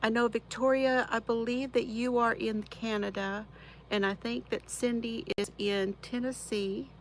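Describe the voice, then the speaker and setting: A woman's voice: fairly high pitch, fairly even intonation, a little slow, a little hiss or hum, low-quality recording. A woman, hosting a casual crafting live stream from her chair at home, greeting viewers by name and laughing often. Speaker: crafting channel host.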